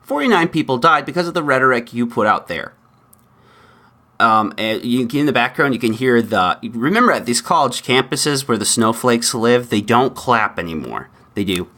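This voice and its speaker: Male podcast host, middle-pitched, sarcastic running commentary on a clip. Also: animated, moderate pace, sharp tone. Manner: sarcastic, mocking asides. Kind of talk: opinionated podcast monologue.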